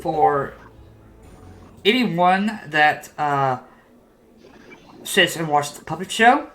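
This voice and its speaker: Slow, rambling woman game master. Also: low voice, animated, a bit bright, low-quality recording. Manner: rambling, many fillers. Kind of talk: narrating a tabletop game.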